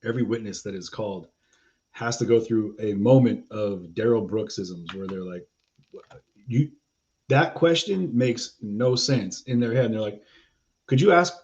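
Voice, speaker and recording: A man's voice: lowish voice, dark tone. A man giving casual, rambling commentary on a livestream, with lots of fillers and laughs. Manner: chatty, laughing, many fillers and restarts. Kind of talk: casual commentary over clips. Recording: dull lo-fi audio.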